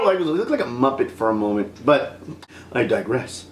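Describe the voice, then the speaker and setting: Ranting film reviewer, exasperated, very lively pitch, roomy echo. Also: fairly quick, slight background noise. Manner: exasperated, animated, acts out scenes.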